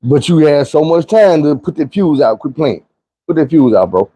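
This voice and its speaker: A man's voice: on the high side, lively intonation, moderate pace, breathy edge, low-quality recording. A young man telling a profane, vivid personal story in a casual monologue. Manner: vivid, profane retelling with shouted quotes.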